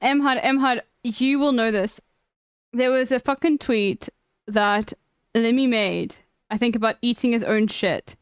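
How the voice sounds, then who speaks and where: A young woman streamer chatting casually and excitedly as she reacts to clips, laughing often and swearing. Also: a little high, a little slow, smooth, no room sound, clean studio sound.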